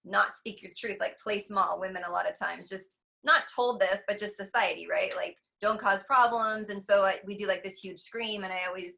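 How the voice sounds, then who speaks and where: A woman's voice: medium pitch, steady tone, brisk, creaky, hardly any pauses, sharp tone. A woman who teaches breathwork and meditation, talking earnestly in a casual conversation, rambling with many likes and restarts.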